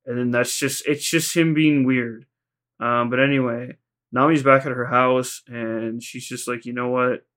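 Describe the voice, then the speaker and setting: A man's voice: mid-range voice, fairly even intonation, a little slow, a bit bright. Rambling casual male podcast host. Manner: rambling, heavy use of "like", retells scenes in quoted voices. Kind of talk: casual recap chat.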